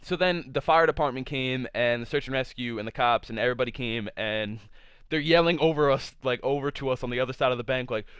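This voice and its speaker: A man's voice: medium pitch, fast talker, fairly bright tone, clear, resonant tone, no room sound. A young man vlogger telling a casual storytime tale, rambling with lots of "like" fillers and plenty of swearing. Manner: rambling, full of "like" fillers, profane. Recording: dull lo-fi sound.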